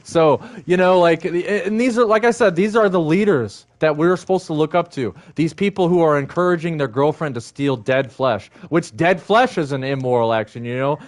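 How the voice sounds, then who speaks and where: A man's voice: a little high, moderate pace, few pauses. A man ranting angrily on his livestream, heated and profane, circling back to the same points. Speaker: livestream host. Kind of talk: angry ranting monologue.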